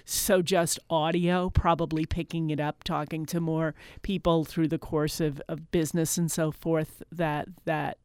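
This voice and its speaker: Thoughtful woman with a smooth voice. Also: low-pitched, a little mellow, dry recording, clean studio sound. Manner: thoughtful, repeats words while searching for them. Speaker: guest folklorist. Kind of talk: radio interview conversation. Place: radio studio. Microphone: studio microphone.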